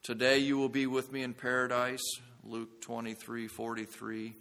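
A man's voice: medium pitch, monotone, normal speed, a bit bright, long reverb tail. A man preaching a sermon as a pastor, earnest and building to intense emphasis.

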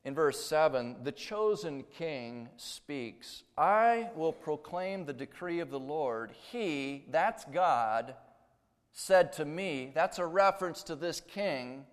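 A man preaching a sermon, emphatic, swinging between loud declarations and hushed asides. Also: on the high side, animated, slow. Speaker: pastor. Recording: long hall reverb.

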